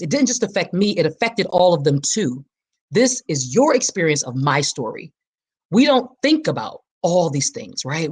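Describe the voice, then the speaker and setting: A woman's voice: low-pitched, husky. A woman in her forties hosting a podcast, talking in an emphatic, preacher-like way and repeating her key phrases. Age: 40s. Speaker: podcast host. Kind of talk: personal reflective podcast talk.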